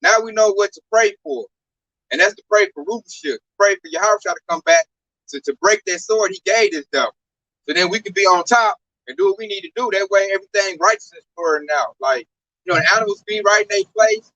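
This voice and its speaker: A man in a casual religious talk, preaching in an animated, profane way. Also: sits high, fairly quick, no echo, low-quality recording. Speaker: religious talk show speaker.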